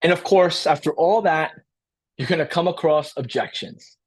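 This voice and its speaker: A man coaching a live training webinar with lots of energy, repeating his points and often checking in with "right?". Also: on the high side. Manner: acts out client dialogue in quick role-play.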